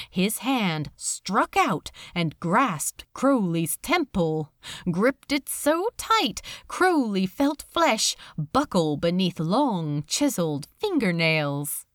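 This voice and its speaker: A woman reading a fan fiction story aloud with expressive, dramatic narration. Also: medium pitch, dry recording, studio quality. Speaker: reader.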